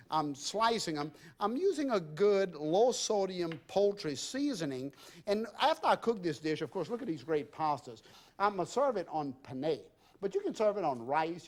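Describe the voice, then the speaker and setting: A middle-aged man with a Louisiana drawl hosts a cooking demonstration from a home kitchen. His voice sits fairly high for a man. He is exuberant and folksy, chatting away and addressing viewers as "y'all". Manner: folksy and exuberant, often says "y'all" and "I tell you". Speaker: TV cooking show host.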